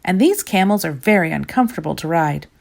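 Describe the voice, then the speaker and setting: A woman voicing a grumpy cartoon man who complains in a low, sulky mutter. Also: lively intonation, brisk, gravelly.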